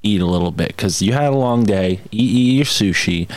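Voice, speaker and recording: A man's voice: on the low side, animated, a little fast, dry recording. A man hosting a podcast, chatting in an easygoing, rambling way. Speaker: podcast host. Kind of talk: casual podcast chat.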